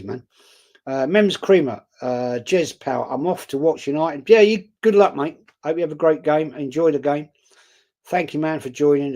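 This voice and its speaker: A man's voice: a little high, a little mellow. A man chatting casually on a live stream, reading out viewer comments and answering them bluntly. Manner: blunt, outspoken, chatty, calls viewers mate.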